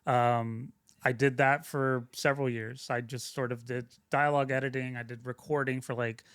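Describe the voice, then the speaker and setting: A man's voice: mid-range voice, level tone, moderate pace, fairly bright tone, clean tone, no room sound. A man talking as a podcast guest, telling stories casually and rambling with many fillers into a close microphone. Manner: rambling, self-interrupting, frequent "like" fillers. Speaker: podcast guest, sound mixer. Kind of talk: casual conversational storytelling.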